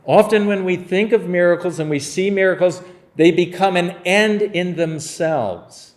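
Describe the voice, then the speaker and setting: A man preaching a sermon, his voice sitting a little higher than most men's. He talks the congregation through a Bible passage like a conversation. He slips into playful, humorous retellings of the scenes. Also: unhurried. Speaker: pastor.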